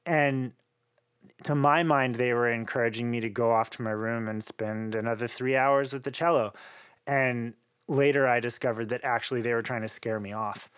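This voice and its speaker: A man, a cellist, telling his story in a casual interview with animated, laughing delivery. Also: mid-range voice, moderate pace, clean tone, dry recording.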